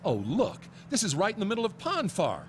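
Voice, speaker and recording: An actor playing a hapless male starship captain in a comic radio sketch, pleading with exaggerated pitch swings. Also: wildly swooping pitch, fairly quick, slight background noise. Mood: whiny.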